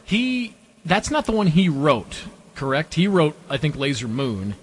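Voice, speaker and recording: A man with a somewhat raised pitch hosts a casual podcast chat. He rambles, laughs often and lets his sentences trail off into quieter mumbling. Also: big pitch swings, unhurried, husky. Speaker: podcast host.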